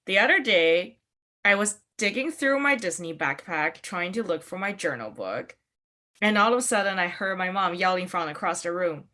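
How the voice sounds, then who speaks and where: A young woman from Canada works a comedy stage with a handheld mic. She talks slowly and deliberately, yet her pitch swings widely, leaping into high outbursts as she tells playful stories. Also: fairly bright tone. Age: young adult. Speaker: stand-up comic. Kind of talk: live stand-up set.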